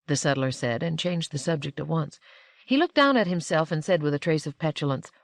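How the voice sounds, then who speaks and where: A woman reading a novel aloud as an audiobook narrator, with measured, expressive storytelling. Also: low-pitched, creaky, dry recording. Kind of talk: scripted narration.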